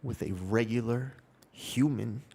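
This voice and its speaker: A man's voice: mid-range voice, slow, creaky, warm tone, husky, full character voice. A grave, loving father speaks with solemn earnestness, as a man puts him on. The delivery is tender and mock-sentimental.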